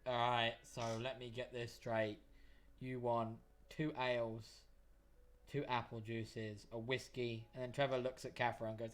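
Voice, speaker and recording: A man's voice: medium pitch, level tone, unhurried, a little hiss or hum. Casual male game master, rambling narration.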